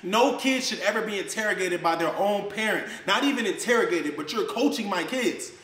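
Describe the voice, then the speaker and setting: A man's voice: high voice, expressive, a little fast, fairly bright tone, roomy sound. A man on a clip, ranting in a heated, accusing way and throwing around slang as he calls someone out. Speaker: social media personality. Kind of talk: confrontational rant to the camera.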